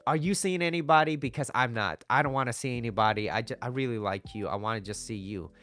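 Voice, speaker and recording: A man's voice: mid-range voice, quick pace, a bit bright, faint music behind, lightly acted. A man voicing an emotional young girlfriend who pleads and insists, in a raised voice. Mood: hopeful.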